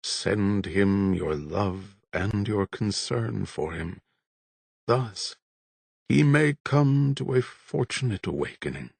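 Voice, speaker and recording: A man voicing a gentle, sorrowful old abbot who speaks softly and gravely. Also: lowish voice, lively intonation, slow pace, dry recording, heavily acted.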